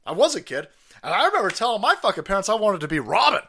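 A man hosting a livestream, ranting in a profane, sarcastic, mocking way with sudden loud outbursts. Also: high voice, big pitch swings, fast, breathy edge. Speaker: livestream commentator. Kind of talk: profane political rant.

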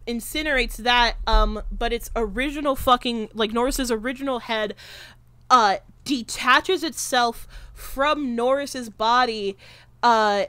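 Casting note: young woman, slightly high voice, dry close sound, loose chatty recapper who swears a lot. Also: a little slow, bright, forceful tone, clean tone, dry recording. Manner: rambling recap, heavy filler words and swearing. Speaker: podcast co-host. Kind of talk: casual movie-discussion chat.

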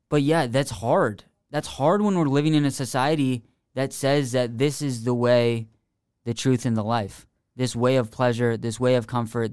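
A man's voice: medium pitch, darkish tone, smooth, no echo, studio quality. A young man and podcast guest sharing his faith in an earnest, rambling way, full of restarts and "like". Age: young adult. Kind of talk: casual faith testimony.

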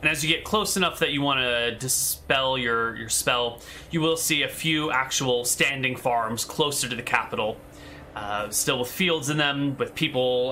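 Bright-voiced male game master. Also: mid-range voice, a little hiss or hum. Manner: descriptive, thinking aloud. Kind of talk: narrating a tabletop game.

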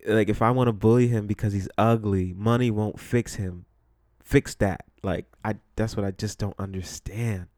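A man's voice: fairly low pitch, fairly even intonation, normal speed, a little mellow, no echo, clean studio sound. A young man from the Bronx, hosting a solo podcast in a blunt, profane, joking manner. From the Bronx, New York. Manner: blunt, profane, laughing storyteller. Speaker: podcast host. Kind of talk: casual solo podcast monologue.

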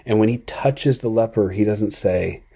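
Male podcast host: low, mellow voice with a husky edge, earnest and reflective devotional delivery. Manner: earnest, thoughtful, unhurried.

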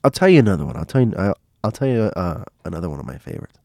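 A man's voice: deep voice, big pitch swings, racing, creaky, a little mellow, no echo, studio quality. A man telling stories in a loose, casual way, often repeating himself and restarting phrases. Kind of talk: casual spoken storytelling.

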